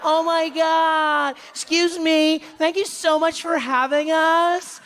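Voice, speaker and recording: A man mimicking gushing, overeager tourists, shrill and drawn-out. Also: level tone, fairly bright tone, heavily acted.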